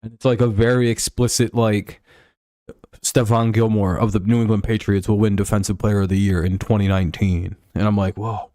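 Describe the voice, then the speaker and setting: A man's voice: lowish voice, flat delivery, a little fast, warm tone, dry recording, studio quality. A man streaming live, talking football in a rambling, profane way with lots of fillers and restarts. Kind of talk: casual live-stream sports chat.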